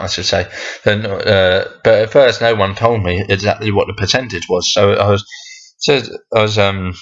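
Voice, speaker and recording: A young man talks through a casual solo monologue, hesitant and full of restarts, swearing freely when he rants. His voice sits fairly low. The recording sounds dull and lo-fi. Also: a bit bright. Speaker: podcast host.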